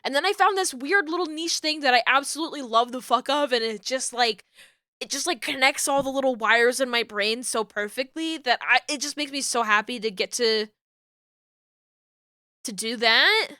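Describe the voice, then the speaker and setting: A woman's voice: high-pitched, moderate pace, pushed and bright, no room sound, clean studio sound. A young woman streamer chatting casually and rambling while she works, laughing often. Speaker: streamer and VTuber rigging artist.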